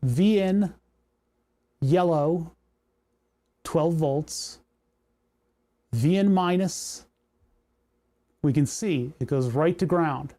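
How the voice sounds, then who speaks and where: Young guy on a livestream fixing a circuit, kinda high voice but mellow, mutters and cusses when stuff breaks. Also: very slow, long pauses. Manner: muttering, troubleshooting aloud, swearing in frustration. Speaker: livestream host. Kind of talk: casual livestream electronics tinkering.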